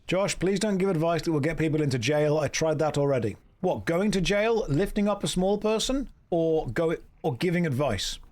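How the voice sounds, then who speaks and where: A man's voice: fairly high pitch, lively intonation, normal speed, hardly any pauses, darkish tone. A British man live-streaming a game, chatting casually and joking as he reads out and riffs on viewer messages.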